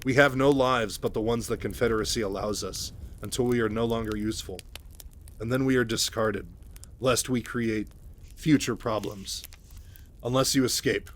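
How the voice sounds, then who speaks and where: A man's voice: medium pitch, steady tone, moderate pace, a little hiss or hum, close to an everyday voice. A man voicing a serious, earnest male reporter in a read-aloud story. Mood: grave.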